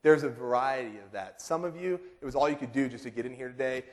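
A man in his thirties preaching a sermon, telling a lively story and acting out quotes in high voices. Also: quick pace. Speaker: pastor. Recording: long reverb of a large hall.

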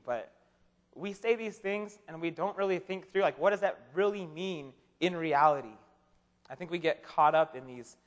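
A young man with a notably high voice gives a relaxed, joking sermon. He talks conversationally and often trips back over his words. His voice rings with the long echo of a large hall. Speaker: preacher. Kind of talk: casual humorous sermon. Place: chapel or hall with an audience.

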